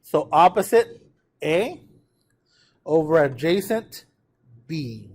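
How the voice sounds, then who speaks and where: Very animated yet slow-paced, this fairly high-voiced teacher walks a classroom through trigonometry. He keeps checking on students and has them say terms back to him to practice pronunciation.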